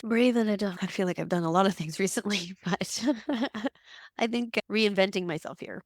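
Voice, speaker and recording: A woman in her thirties, a guest on an interview, telling lively stories, laughing often and acting out what people said. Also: medium pitch, moderate pace, no room sound. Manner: animated storytelling, laughs often, acts out quotes. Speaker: guest, occupational therapist. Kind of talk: casual interview chat.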